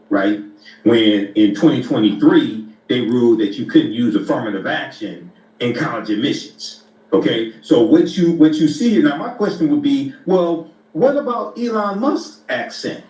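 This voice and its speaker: A man giving political commentary in a deliberate way, often pausing with uh. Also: lowish voice, darkish tone. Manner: deliberate, many pauses with uh. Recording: roomy echo, distant from the mic.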